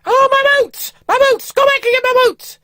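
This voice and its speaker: A man voicing a panicky older woman with an urgent need, talking in a shrill, pleading and frantic way. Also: huge pitch swings, a little slow, creaky, a bit bright, dry recording, clean studio sound, heavily acted.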